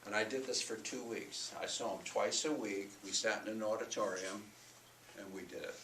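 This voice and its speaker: A man's voice: lowish voice, steady tone, normal speed, fairly bright tone, slight background noise. An older man giving a college lecture on music teaching, breaking into sung solfège and chanted rhythm syllables to demonstrate. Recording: roomy hall recording from far off.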